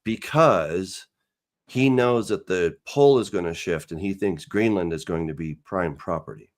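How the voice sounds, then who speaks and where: A man's voice: sits low, normal speed. A man co-hosting a casual discussion, incredulous and challenging, often interrupting. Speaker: skeptical co-host. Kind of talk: casual debate chat.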